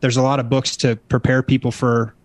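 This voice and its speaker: A man's voice: medium pitch, level tone, a little fast, no room sound. A man guesting on a podcast interview, talking about his book in a casual, motivational way that turns preachy when he gets going. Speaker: guest author.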